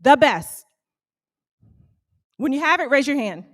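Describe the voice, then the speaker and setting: A woman who owns a small bakery gives a motivational talk to a live audience, animated and calling out questions to the crowd. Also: sits high, measured pace. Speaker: small bakery owner speaking to fellow business owners.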